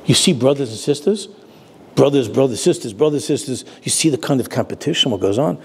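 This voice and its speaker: A man's voice: mid-range voice, lively intonation, brisk, vocal fry, a little hiss or hum. An older man, a rabbi giving a sermon, telling stories and dropping Yiddish and Hebrew words into his talk.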